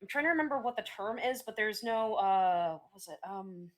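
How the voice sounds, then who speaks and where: A woman's voice: medium pitch, expressive, moderate pace. A woman streamer chatting casually, explaining things in a hesitant way with many fillers and restarts.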